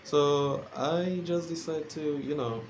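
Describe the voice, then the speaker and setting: A man's voice: fairly high pitch, slow, slight background noise. A sleepy man rambling casually in a late-night vlog, self-deprecating and full of fillers and restarts. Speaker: vlogger. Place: his room at home.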